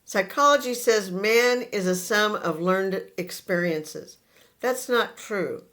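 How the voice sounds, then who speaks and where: Slow, earnest man teaching. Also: high voice, pushed and bright. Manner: earnest, addresses listeners directly and repeats points; unhurried, pausing between short phrases. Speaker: spiritual teacher. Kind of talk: spiritual talk to an audience.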